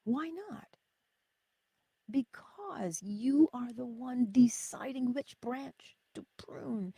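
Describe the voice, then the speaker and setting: A woman hosting a morning inspiration livestream, chatting casually and warmly about spiritual ideas. She laughs often and drops into whispers to stress her points. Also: a little high, takes it slowly, breathy edge, no room sound. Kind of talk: casual spiritual pep talk.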